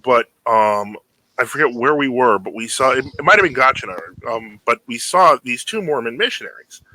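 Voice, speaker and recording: A man with a bright, forceful voice and a New York accent hosts a relaxed interview. He rambles through stories, laughs easily and restarts his sentences often. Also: mid-range voice, normal speed, rough recording. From Brooklyn, New York. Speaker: podcast host. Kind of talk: casual conversational interview.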